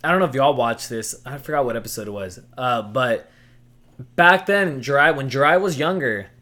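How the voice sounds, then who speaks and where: Bright-voiced man hosting a casual chat. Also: medium pitch, moderate pace. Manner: loose, profane, laughing banter. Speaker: podcast host.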